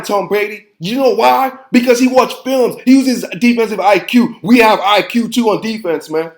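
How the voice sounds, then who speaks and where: A sports show host with a high-pitched voice rants about football in a heated, preachy way, recorded in an echoey room. Fired up, he repeats phrases and says "man" constantly.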